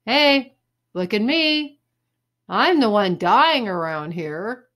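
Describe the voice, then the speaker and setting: A woman's voice: medium pitch, expressive, takes it slowly, fairly bright tone. A woman reading aloud voices a cool, cocky fourth-grade boy with an offhand manner. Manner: casual, offhand.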